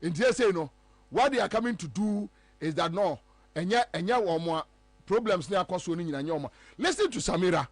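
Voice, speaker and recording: An animated Ghanaian man hosts a political talk show, hammering his points home with emphasis. His voice sits high, and the recording is dry and close. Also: brisk, no echo. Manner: animated, emphatic, switching between English and Twi. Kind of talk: political commentary.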